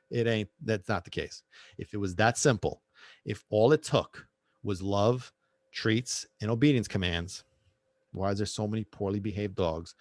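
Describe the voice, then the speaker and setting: A man's voice: lowish voice, lively intonation, normal speed, dry recording, clean studio sound. A man hosting a podcast, talking about his work with passion, repeating himself and preaching a little, and dropping in Italian phrases. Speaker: podcast host and dog trainer. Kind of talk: casual podcast monologue.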